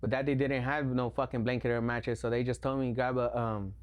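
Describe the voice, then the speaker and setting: A man, a podcast guest, telling stories in a relaxed, slangy way with constant swearing. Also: mid-range voice, fast talker. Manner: profane, slangy, laid-back. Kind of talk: casual storytelling.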